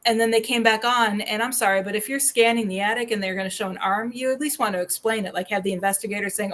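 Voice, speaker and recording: A woman hosts a relaxed paranormal talk show. She tells her stories in a chatty, animated way, with a voice of middling pitch. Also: fast talker. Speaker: host. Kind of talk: casual chat.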